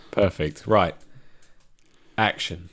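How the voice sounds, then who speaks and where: A man's voice: lowish voice, big pitch swings, extremely slow, gravelly, fairly bright tone, no room sound. A man co-hosting a podcast, laughing often and directing his co-hosts through a silly game. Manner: giggly, bossy, sets up games. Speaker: podcast co-host. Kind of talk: casual comedy chat.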